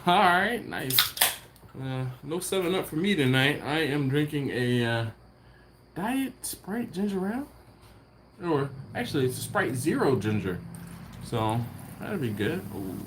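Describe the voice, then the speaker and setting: A man's voice: on the high side, noisy background. A man hosting a casual live stream from home, greeting viewers by name and chuckling as he reads their comments. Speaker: barbecue livestream host.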